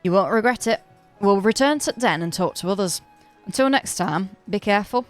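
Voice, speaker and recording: A woman's voice: medium pitch, lively intonation, brisk, soft background music, lightly acted. A woman reading aloud as an earnest, reformed young gang member, in a northern English accent. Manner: reading game dialogue aloud, plain earnest delivery.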